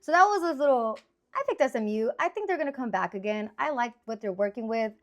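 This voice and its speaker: A woman in her thirties chatting through her sports picks in an animated, rambling, exclamatory way. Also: a little high, quick pace. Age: 30s.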